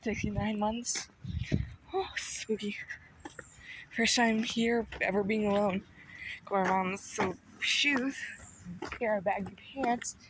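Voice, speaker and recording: Slow-talking playful woman vlogging outdoors. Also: medium pitch, steady tone, background noise. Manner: playful, chatty, exclaims at what she sees. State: slightly out of breath. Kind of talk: casual walking vlog. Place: outdoors on a nature trail. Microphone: handheld phone.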